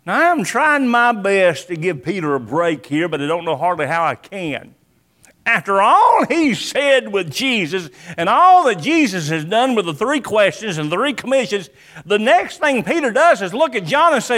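A man's voice: high voice, very animated, moderate pace, a bit bright. A man preaching a sermon, reading scripture with dramatic rises and adding folksy, plainspoken asides.

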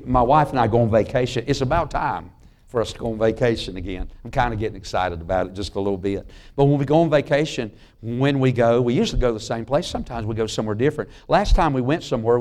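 A middle-aged man preaching a sermon in a church. He tells folksy stories and drops to a hush on key lines. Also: mid-range voice. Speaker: pastor. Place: church sanctuary.

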